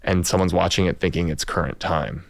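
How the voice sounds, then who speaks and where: A man hosts a podcast with a very low, gravelly voice, and he speaks candidly, stopping and restarting as he works through his thoughts. He is recorded close up in a dry space. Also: steady tone, no room sound. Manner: candid, halting, confessional. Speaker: podcast host. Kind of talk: conversational podcast interview.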